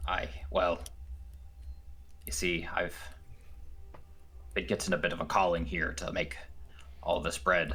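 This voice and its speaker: A man voicing an old, half-blind dwarf baker who talks like a pirate, halting and gruff. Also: low-pitched, fairly bright tone, exaggerated voice. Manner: pirate-style drawl, halting.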